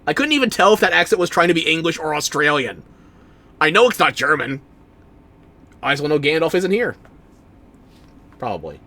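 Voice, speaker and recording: A man's voice: fairly high pitch, very animated, a little fast, long pauses, bright, forceful tone. A man streaming a game, giving casual commentary in a wry, sarcastic way and bantering with chat.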